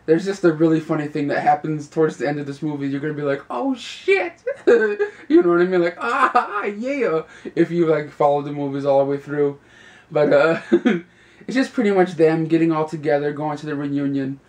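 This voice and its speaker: A man's voice: a little high, steady tone, fairly quick, darkish tone. A young man giving a casual, rambling review, leaning on fillers like "you know" and "like" and laughing often. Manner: laughs often while talking. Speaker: video reviewer.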